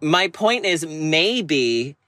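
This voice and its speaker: A man's voice: a little high, very animated, drawn-out words, bright, forceful tone, no echo, studio quality. A man co-hosting a casual advice chat, brash, emphatic and full of swearing. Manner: brash, profane, emphatic ranting. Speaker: advice podcast co-host.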